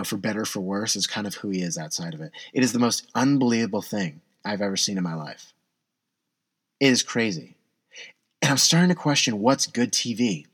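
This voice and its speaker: A man's voice: fairly low pitch, husky, no room sound. A young man talking in a rambling, self-deprecating casual monologue, often restarting his sentences.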